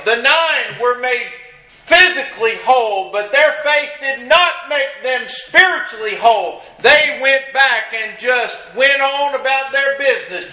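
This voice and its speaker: A man's voice: very high-pitched, sharp tone. A male preacher giving an emphatic sermon and reading scripture aloud. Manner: emphatic, reads scripture in old-fashioned phrasing. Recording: echoey room.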